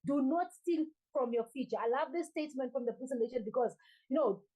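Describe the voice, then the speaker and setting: A woman's voice: sits high, a little fast, mellow, rough recording. A woman coach giving a motivational talk to her sales team, urging them with repeated calls to act and focus. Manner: urgent, repetitive exhortation. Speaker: network marketing coach.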